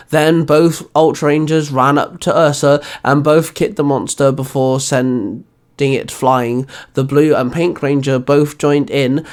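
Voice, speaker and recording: A man narrating his own fan fiction as a storybook reading, with small stumbles. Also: mid-range voice. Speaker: fanfiction reader and narrator.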